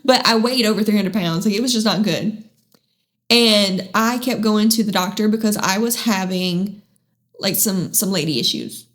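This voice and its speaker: A woman hosting a podcast, telling her own faith testimony from home. She speaks candidly and haltingly, with frequent restarts and self-deprecating asides along the way. Her pitch sits in a middle range. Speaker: podcast host.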